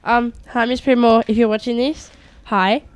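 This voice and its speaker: A woman's voice: on the high side, fairly even intonation, clear, resonant tone, dry recording. Bubbly apologetic girl podcast co-host. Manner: bubbly, apologetic, quick to react. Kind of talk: casual chat.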